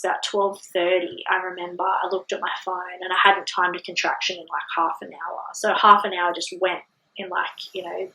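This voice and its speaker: Australian woman, podcast guest, lively story, crisp bright tone, roomy echo. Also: lowish voice, moderate pace. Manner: animated, acts out voices in her story. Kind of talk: casual birth story chat.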